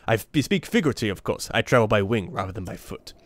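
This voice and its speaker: A man's voice: sing-song, dry recording. A man putting on a French-accented bird bard. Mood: courtly. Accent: French, put on. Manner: slow, lowered, formal recital. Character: courtly male bird bard, wandering musician.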